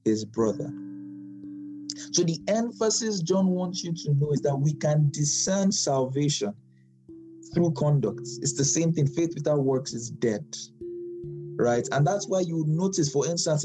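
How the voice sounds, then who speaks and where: A man with a slightly high, mellow voice teaches scripture verse by verse. He talks in a relaxed, conversational way, repeats key phrases and asks his listeners questions. Faint instrumental music plays behind him. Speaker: Bible teacher.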